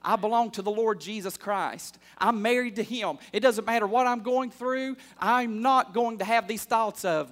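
A man in his thirties preaching a sermon as pastor, calling out for amens and building from quiet asides to fervent shouts. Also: high-pitched, moderate pace, few pauses. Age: 30s. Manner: call-and-response preaching, building to loud fervor.

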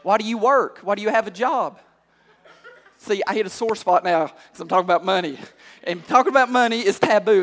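A male pastor preaching a sermon, calling out to the congregation and climbing to shouts. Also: sits high, fairly quick. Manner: call-and-response preaching, rising to shouts. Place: church hall. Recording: long hall reverb.

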